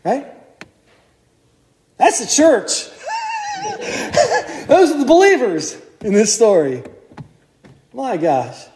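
A male priest preaching a sermon, telling the story with lively acted-out voices. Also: very high voice, measured pace, reverberant, slight background noise. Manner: animated storytelling, acts out crowd voices. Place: church.

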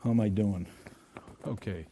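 A man's voice: lowish voice, fairly even intonation, moderate pace, warm tone, slight background noise. A man preaching a sermon in a conversational way, asking his congregation questions. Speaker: pastor.

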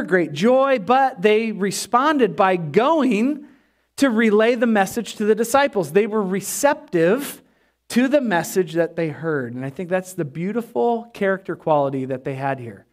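A male pastor preaching a sermon in an animated, emphatic way, repeating his key phrases. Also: sits high.

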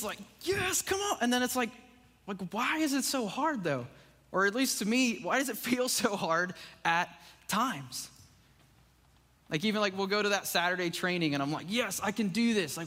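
A man's voice: high-pitched, pushed and bright. A man preaching a casual sermon in a church, talking conversationally with many "like"s and "right?"s. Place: church sanctuary. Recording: long reverb of a church hall.

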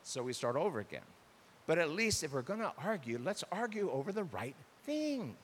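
Male pastor, animated sermon delivery, high and expressive, long hall reverb. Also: normal speed, a little hiss or hum. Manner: animated, acts out quoted spouses. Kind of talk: sermon on marriage communication.

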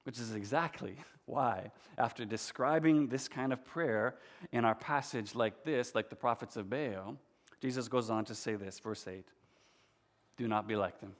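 A man preaches a sermon, talking with his listeners in a relaxed, conversational way and dropping in small asides. His voice sits at an ordinary middle pitch. The sound carries a long, hall-like reverb. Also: normal speed. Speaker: pastor. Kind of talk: sermon with scripture reading.

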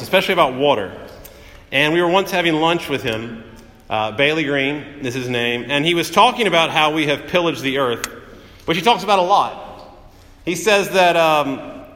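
A man preaching a conversational sermon, acting out quotes as he tells stories. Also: medium pitch. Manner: conversational, animated storytelling with acted-out quotes. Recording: echoey hall with long reverb.

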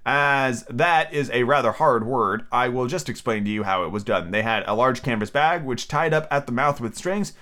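A man reading a storybook aloud on his podcast and then chatting casually, excitable and swearing freely. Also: medium pitch, normal speed, hardly any pauses. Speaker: podcast host and reader.

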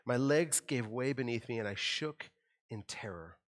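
A man's voice: mid-range voice, moderate pace. Conversational middle-aged male pastor preaching. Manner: conversational, animated, acts out quotes with rising emphasis. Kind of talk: sermon.

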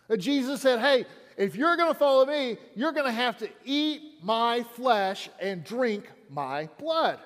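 A man's voice: very high voice, in a large hall. A man preaching a sermon in an auditorium, in a conversational way that repeats lines for emphasis. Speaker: pastor.

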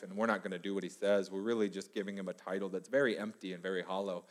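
A man's voice: low voice, steady tone, quick pace. A man preaching a sermon in a church hall, telling stories with animation and acting out the people he quotes. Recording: long hall reverb.

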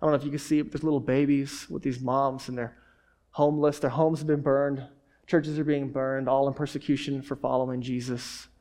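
A male pastor giving a sermon in an animated, conversational storytelling manner, dropping in frequent "like"s. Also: mid-range voice, a little fast.

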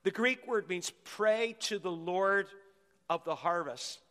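A middle-aged man preaching a sermon as pastor, energetic and leading the congregation in call-and-response. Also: high-pitched, takes it slowly. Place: church sanctuary. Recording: long hall reverb in a church.

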